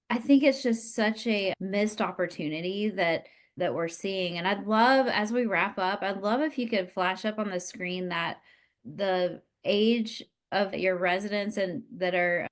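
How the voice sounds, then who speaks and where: A woman with a mid-range voice hosts a conversational interview. She sounds enthusiastic and backs up her guest's points as she asks her questions. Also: mid-range voice. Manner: enthusiastic, affirming. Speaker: interview host.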